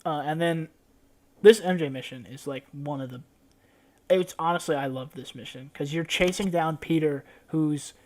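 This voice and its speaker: A man's voice: on the high side, normal speed. A young man, a podcast co-host, chatting casually and animatedly, swearing freely as he recaps. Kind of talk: casual chat.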